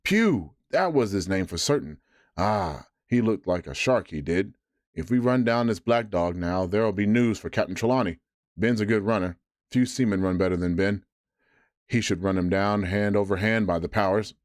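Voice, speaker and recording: A man's voice: on the low side, very animated, normal speed, hardly any pauses, no room sound, clean studio sound. A man doing Long John Silver, a blustering one-legged pirate innkeeper. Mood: excited. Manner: blustering and loud. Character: hearty one-legged male tavern keeper, a scheming pirate cook. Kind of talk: bedtime story reading.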